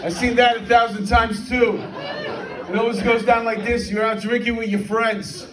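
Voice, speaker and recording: Speaking at normal speed in a very high, flat voice, a fifty-something comic delivers brash, streetwise stand-up, dropping "man" constantly and shouting impressions. He's at a comedy venue with a live audience. The room echoes, the mic sounds far off, and laughter comes from the crowd.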